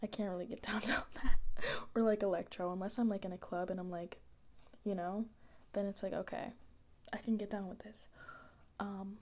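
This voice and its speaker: Speaking at a normal speed with a steady tone and long pauses, this young ASMR creator chats softly and rambles, using slang and easy asides. Her mid-range voice is mellow and rounded, and she often drifts into breathy whispers between quiet stretches.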